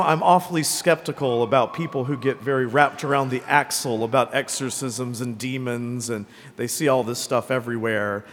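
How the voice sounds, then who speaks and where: A man preaching a sermon as a priest, talking conversationally and often checking in with "right?" and "okay?". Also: medium pitch. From Greenville, South Carolina. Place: church. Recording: long church reverb.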